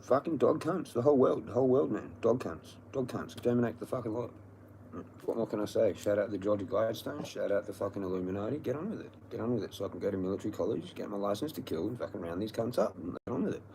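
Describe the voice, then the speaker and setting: A man's voice: on the low side, lively intonation, fast talker, vocal fry, dark tone, a little hiss or hum. Ranting man on a livestream. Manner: ranting, profane, repetitive. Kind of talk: angry livestream rant.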